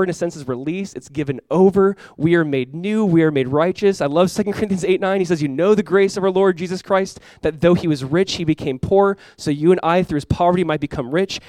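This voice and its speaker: Fast-talking, animated male preacher. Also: a little high, no echo. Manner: animated preaching, acts out biblical voices, swings between loud and hushed. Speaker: pastor. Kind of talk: sermon.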